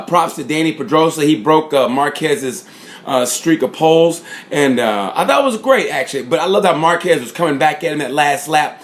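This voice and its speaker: Chatty man rambling through a race recap. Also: fairly high pitch. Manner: rambling, lots of fillers and "props". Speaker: motorsport fan reviewer. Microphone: phone or camera mic.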